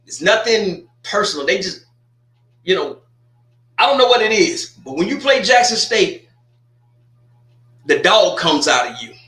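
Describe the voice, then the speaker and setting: A man hosts a casual sports talk livestream, joking and trash-talking between restarts and asides. His voice sits high and sounds bright. The room around him is noticeably echoey. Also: very animated, measured pace, long pauses.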